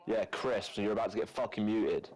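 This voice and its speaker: Deep streamer, crude slangy trash talk with mates on chat. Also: male voice, brisk, darkish tone, low-quality recording. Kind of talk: casual banter with friends on voice chat.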